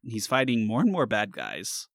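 A man's voice: fairly low pitch, wildly swooping pitch, normal speed, a bit bright, dry recording, studio quality. A man hosting a casual comedy podcast, joking and riffing with his co-host. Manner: jokey, puts on an old-timey radio announcer voice.

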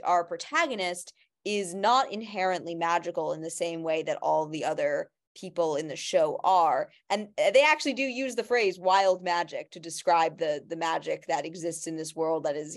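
A woman co-hosting a casual podcast chat, talking in a rambling way with many restarts and fillers. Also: on the low side. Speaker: podcast co-host.

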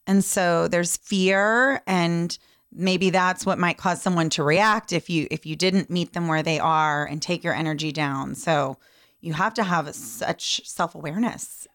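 A woman's voice: lowish voice, measured pace, a bit bright, no room sound, studio quality. A woman hosting a casual conversation, speaking in a reflective way. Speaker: podcast host.

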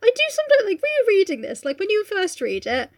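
A woman's voice: extremely high pitch, wildly swooping pitch, fast talker. A woman co-hosting a casual book chat, swearing freely and reading passages aloud. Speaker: podcast co-host.

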